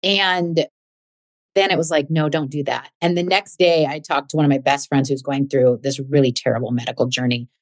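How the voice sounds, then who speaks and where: A woman's voice: a bass voice, steady tone, normal speed. A woman hosting a podcast, telling a personal story in a chatty, rambling way full of fillers. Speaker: podcast host. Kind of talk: casual storytelling chat.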